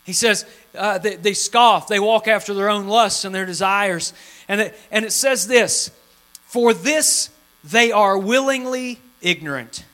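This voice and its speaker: A man preaching a sermon to his congregation, pleading fervently and swinging between loud cries and hushed, low passages in a folksy style. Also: measured pace. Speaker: pastor. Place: church sanctuary before a congregation.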